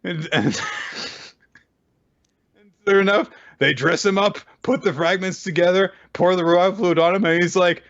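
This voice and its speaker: A man's voice: sits high, normal speed, long pauses, fairly bright tone. A man recapping a manga chapter in a casual chat and acting out the characters' lines with animation. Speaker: podcast co-host. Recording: dull lo-fi audio.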